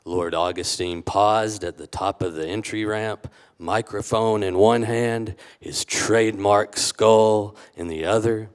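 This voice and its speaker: A man reading from his novel at a live literary event, in a slow, measured way. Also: lowish voice, steady tone, smooth, long reverb tail. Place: literature house event hall.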